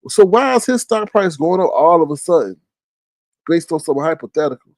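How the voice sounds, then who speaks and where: A man's voice: on the high side, expressive, normal speed, no echo. A man hosting a live stream, reading viewers' chat and talking back bluntly in loose, slangy casual commentary. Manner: chatty, talks straight to viewers by name, slangy and blunt.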